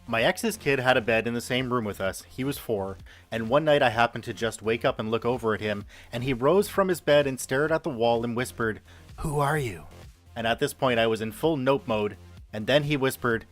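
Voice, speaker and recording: A man reads stories for his podcast in a lively way and gives the quoted speakers a touch of voice. His pitch sits in the middle range. Quiet music plays under him. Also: brisk. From Canada. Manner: lively reading, acting out quoted lines. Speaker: host reading stories. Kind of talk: reading online stories aloud.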